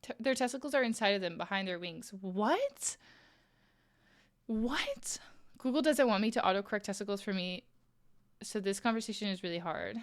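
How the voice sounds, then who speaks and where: A woman streamer chatting casually with her viewers while crocheting, playful and quick to laugh. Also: mid-range voice, lively intonation. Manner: playful, laughs often, reads chat aloud.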